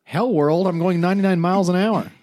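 A man's voice: high voice, fairly quick, a little mellow. A man co-hosting a comedy podcast, casual and teasing, riffing on jokes with his friend. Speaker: podcast co-host.

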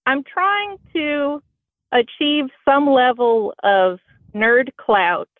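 A woman's voice: high-pitched, very slow, no echo. A woman from Indiana with a Southern-sounding accent, calling in to a podcast and talking wryly about herself. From Bloomington, Indiana. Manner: wry, self-deprecating. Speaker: caller. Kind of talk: phone-in conversation. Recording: tinny phone line.

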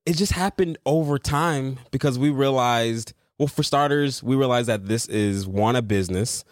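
A young man co-hosting a casual chat with his wife, relaxed and agreeable, often putting in "yeah" and "mm-hmm". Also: medium pitch, normal speed, no echo, clean studio sound. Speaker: co-host, married creator couple.

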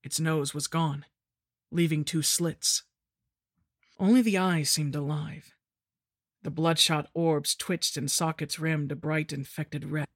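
A woman narrating a horror story in the first person, with a measured, grim delivery. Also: sits low, steady tone, dry recording, clean studio sound. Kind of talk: scripted narration.

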